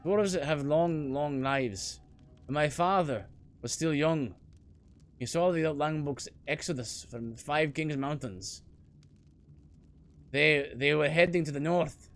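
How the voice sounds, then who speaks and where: A man reading a gloomy, fatalistic old male dwarf's game lines slowly in an attempted Scottish accent, with some stumbles. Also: on the high side, faint music behind. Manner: slow, solemn, faltering reading. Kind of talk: reading game dialogue aloud.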